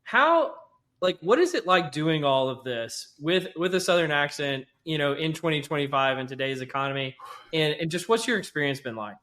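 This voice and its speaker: A man's voice: a little high, expressive, moderate pace, pushed and bright. A man from rural North Louisiana hosting a podcast, chatting casually and laughing easily, with lots of "like.". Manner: friendly, laughs easily, hedges with "like". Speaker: podcast host. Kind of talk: casual interview chat.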